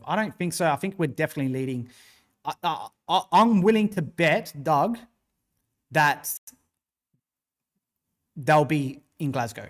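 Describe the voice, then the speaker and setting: An Australian man with a slightly higher-than-usual voice hosts a casual wrestling livestream. He rambles through his opinions and answers chat comments, swearing freely as he goes. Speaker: wrestling show host.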